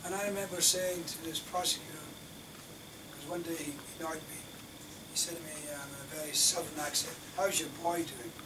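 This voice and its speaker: Older lawyer lecturing with indignant rhetoric, raised pitch, taped from the back of a hall. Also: male voice, flat delivery, a little fast. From Scotland. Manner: rhetorical, indignant, swings between loud emphasis and near-whispers. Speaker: defence lawyer giving a lecture. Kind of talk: impassioned public lecture. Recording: distant mic in a lecture hall, faint room noise.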